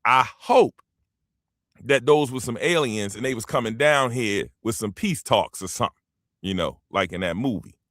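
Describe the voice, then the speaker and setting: Animated man ranting to his listeners. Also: mid-range voice, moderate pace, no echo, clean studio sound. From United States. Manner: animated, rambling, emphatic, addresses listeners directly. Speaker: show host. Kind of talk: casual opinion commentary.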